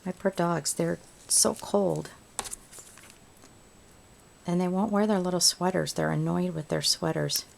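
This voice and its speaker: A woman's voice: lowish voice, steady tone, unhurried, vocal fry, pauses often, a little hiss or hum. A woman hosting a home craft tutorial, chatting casually and thinking aloud as she works. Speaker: crafting video host.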